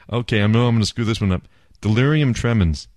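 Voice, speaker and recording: A man's voice: mid-range voice, darkish tone, slight background noise. A man hosting a casual beer podcast, enthusiastic and self-mocking as he chats and jokes. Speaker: podcast host.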